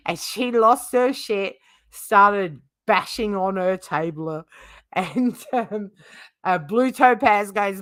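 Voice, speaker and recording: A woman chats casually on her livestream, gossiping, swearing freely and laughing often. Her voice is bright and animated, rising and falling a lot while she talks at an unhurried pace. The sound is dry and close. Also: mid-range voice, no room sound. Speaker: livestream host.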